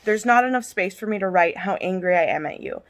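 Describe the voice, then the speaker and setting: A woman's voice: medium pitch, animated, fairly quick. A woman in a casual vlog rant, heated and passionate, swearing freely as she reviews a book. Her voice sits in a middle register. She sounds irritable, as someone on pain medication.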